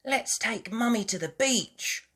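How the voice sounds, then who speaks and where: A woman voicing an excitable little girl pig in a storybook reading, with high, loud, excited calls. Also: extremely slow.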